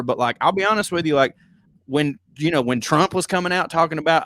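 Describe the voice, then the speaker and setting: A man's voice: a little high, fast, dry recording. A man with a Southern American accent co-hosting a podcast, telling stories in casual comedic chat with lots of profanity. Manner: profane, storytelling, animated tangents. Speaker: podcast co-host.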